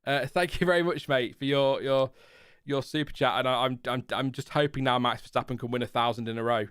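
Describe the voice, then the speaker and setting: A man in his thirties chats loosely on a live stream, rambling and poking fun at himself with little chuckles. His voice is smooth and resonant, and it sits close and dry on the mic with no room sound. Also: medium pitch, steady tone, a little fast, fairly bright tone, no room sound. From Lincolnshire, England. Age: 30s. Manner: rambling, self-deprecating, chuckles often. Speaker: F1 channel host. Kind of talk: casual live-stream chat answering viewers.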